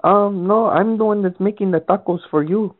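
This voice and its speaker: A man's voice: high-pitched, normal speed, no echo. A man making a prank call, belligerent and swearing, speaking broken English over a tinny phone line. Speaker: prank caller.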